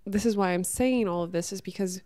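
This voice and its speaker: A young woman talking casually to camera, giving chatty advice to women, with lots of "like" and "um", getting animated when she retells stories. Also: medium pitch, fairly quick, dry recording. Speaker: vlogger giving advice to women visiting an island.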